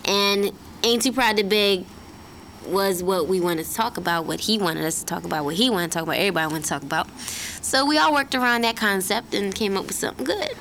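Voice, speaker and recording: A young woman in a casual group interview, a singer talking in a relaxed way with many fillers and laughs. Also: medium pitch, quick pace, a little hiss or hum.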